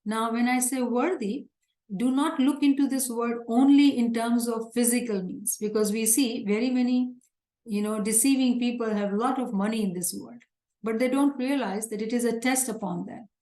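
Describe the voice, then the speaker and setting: A woman lectures on scripture at a moderate pace, her fairly high voice carrying a dark tone through a reverberant room. Earnest and emphatic, she repeats her points often.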